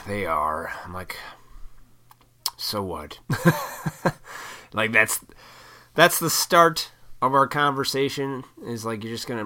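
A man ranting casually and profanely, mocking people with put-on high voices. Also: sharp tone, smooth. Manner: profane, sarcastic, mocks others in high voices. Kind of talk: casual rant.

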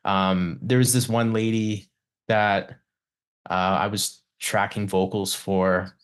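A man tells stories from the recording studio in a loose, rambling way. He restarts his sentences often and swears a lot. His voice sits fairly low. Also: level tone, slow. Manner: rambling, many restarts, swears, mimics clients. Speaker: guest, recording engineer. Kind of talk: casual podcast chat, storytelling.

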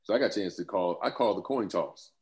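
A man with a very low voice talks through his old playing days, loose and rambling, breaking into laughs. He is in his fifties and speaks as a guest in a casual interview. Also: animated, fast, darkish tone. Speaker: former pro football player, guest.

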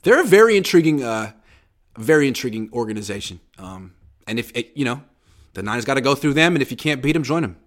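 A man co-hosting a podcast in casual sports chat, emphatic and animated, often restarting his sentences. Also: mid-range voice, quick pace. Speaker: podcast co-host.

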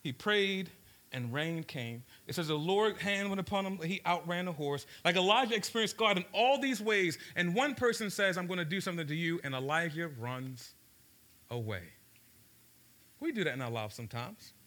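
A man from Baltimore, USA gives a live sermon, drawing in listeners with questions and stories whose pace shifts for emphasis. His voice is high-pitched, expressive, and sharp, at a normal speed.

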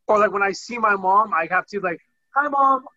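A man co-hosting a podcast, telling animated stories in casual chat. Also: high voice, brisk. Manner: animated storyteller, chatty. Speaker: podcast co-host. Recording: dull lo-fi podcast recording.

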